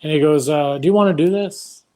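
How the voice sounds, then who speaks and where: A man, a guest on an interview show, telling long anecdotes in a casual, animated way and acting out the dialogue. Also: on the high side, fairly quick. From Canada. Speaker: guest, retired boxer. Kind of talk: casual storytelling.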